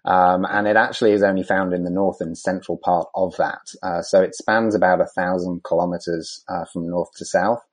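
A man, a conservation scientist, answering interview questions in a measured way with many ums and restarts. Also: deep voice, fairly even intonation.

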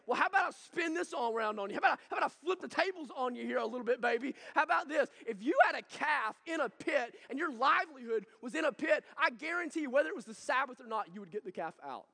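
A man's voice: very high voice, lively intonation, fast talker, vocal fry, few pauses, sharp tone, full character voice. A man preaching, voicing a confident man who brashly retorts to his critics. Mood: teasing. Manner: brash, teasing. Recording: long reverb from a hall.

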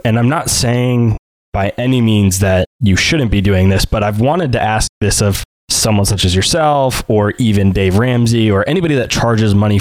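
Low-voiced male podcast host, dry. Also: darkish tone, no room sound. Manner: friendly, relatable, asks long lead-in questions. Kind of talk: interview hosting.

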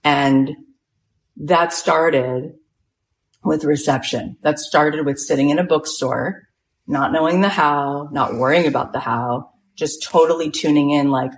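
A woman telling a story in an animated way, acting out the voices of the people in it and building to excited emphasis. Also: deep voice, a little slow, slight background noise. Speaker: speaker retelling a story.

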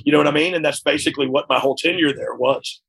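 Man, interview guest, heavy gravel in the voice, frank, reflective, conversational. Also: fairly high pitch, quick pace, fairly bright tone. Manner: frank and reflective, often asks "you know what I mean?". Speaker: interview guest, former wrestler.

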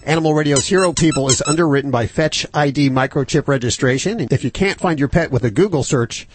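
A man's voice: fairly high pitch, quick pace, a little hiss or hum. A man hosting a radio talk show, chatty and jokey about his own slips.

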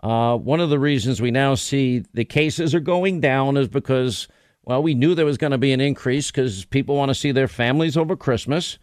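A man's voice: mid-range voice, moderate pace, darkish tone, no echo. A man hosting a talk radio show, delivering a rambling, emphatic, conversational monologue into a studio microphone.

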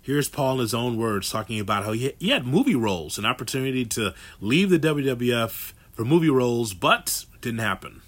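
A man's voice: medium pitch, expressive, moderate pace, few pauses, fairly bright tone. A man hosting a show, introducing clips in a conversational way. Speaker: show host. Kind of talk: casual commentary.

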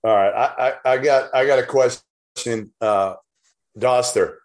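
Guy co-hosting a sports podcast, blunt and emphatic, swears a bit, mid-pitched voice. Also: a little slow. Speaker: podcast co-host. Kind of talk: casual sports chat.

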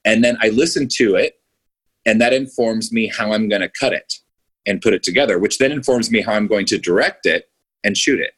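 A man's voice: on the low side, fairly quick, fairly bright tone, slightly rough. A male filmmaker chatting enthusiastically in an interview, rambling with frequent restarts. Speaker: filmmaker guest. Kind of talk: casual podcast interview.

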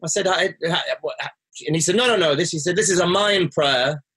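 A guest tells a personal story in a high-pitched, fairly quick voice with a sharp tone and a breathy edge. He's earnest and reflective throughout, and when he quotes himself his voice shoots up sharply.

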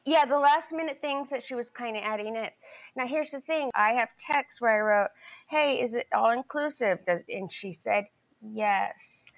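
A middle-aged woman testifying in a courtroom, her voice sitting a little high. She rambles, restarting her sentences and acting out what others said. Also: normal speed. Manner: rambling, talks in restarts and acted-out quotes. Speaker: plaintiff in a small claims court case.

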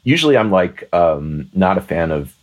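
A man's voice: low-pitched, big pitch swings, moderate pace. A man co-hosting a podcast, chatting casually about a movie, rambling with restarts and laughs. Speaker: podcast co-host. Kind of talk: casual chat.

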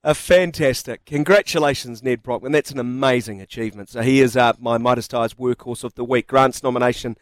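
Chatty New radio host, dry studio sound. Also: male voice, mid-range voice, fairly even intonation, fairly quick, hardly any pauses, no room sound. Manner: chatty, reads quotes aloud, jokey. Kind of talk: casual sports radio chat.

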